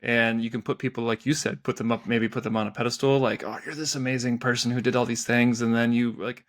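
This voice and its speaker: A man's voice: medium pitch, steady tone, fast, a bit bright. Chatty male podcast co-host. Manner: chatty storyteller, playful quoted voices. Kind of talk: casual chat.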